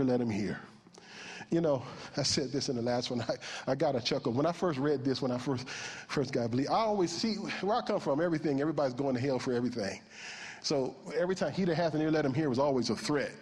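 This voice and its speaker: Animated preacher man in a reverberant hall. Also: high-pitched, a little fast, breathy edge. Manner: animated, swings from hushed to shouting. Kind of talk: sermon.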